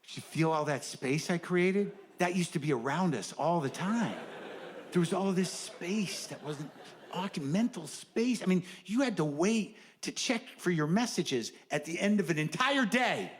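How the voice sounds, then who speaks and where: A man's voice: high-pitched, animated, measured pace, a little hiss or hum. A middle-aged man doing a stand-up comedy set, riffing in a wry, sardonic, conversational way.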